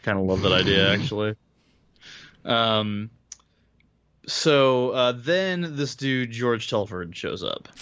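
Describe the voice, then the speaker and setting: A man's voice: on the low side, animated, slow, pauses often, a bit bright, no room sound. A man co-hosting a podcast, chatting casually and rambling with frequent laughs. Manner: laid-back, rambling, laughs often. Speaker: podcast co-host. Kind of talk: casual book discussion chat.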